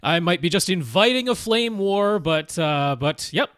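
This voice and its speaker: A man from Canada co-hosts a podcast in casual chat. His voice sits a little high and swings widely in pitch. He throws in dry quips and quick agreeing asides, recorded dry and close. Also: expressive, fairly bright tone, no echo. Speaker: podcast co-host.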